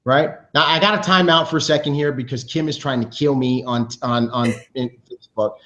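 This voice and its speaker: A man hosting a team video show, announcing awards with high energy, talking fast and restarting his sentences. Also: slight background noise. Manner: energetic, hyped, talks fast with loose restarts. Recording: dull lo-fi sound.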